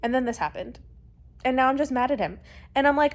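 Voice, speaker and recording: A young woman chatting casually in a reading vlog, animated and exasperated, with lots of "like" fillers. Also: high voice, brisk, long pauses. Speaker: book vlogger.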